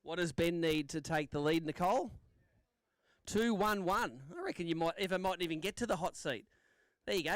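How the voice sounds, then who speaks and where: Male MC, upbeat banter, high smooth voice. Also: a bit bright, no echo. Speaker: tournament weigh-in MC. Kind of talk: live event emceeing. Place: outdoor lakeside weigh-in stage.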